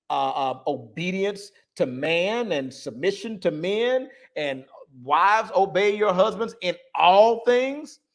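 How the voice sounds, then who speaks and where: A man hosting a live online talk, preaching in a repetitive cadence, leaning hard on key words and letting phrase ends trail off softly. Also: sits high. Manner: preaching cadence, stressing words, repeating lines. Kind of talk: live-stream monologue on religion.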